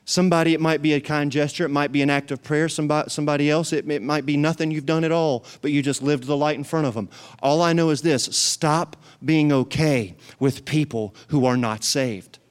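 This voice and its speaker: Preacher building emphasis. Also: male voice, fairly high pitch, fairly even intonation, fairly quick, smooth. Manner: preaching with rising emphasis and repetition; calls the congregation to respond. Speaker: pastor. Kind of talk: sermon. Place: church sanctuary.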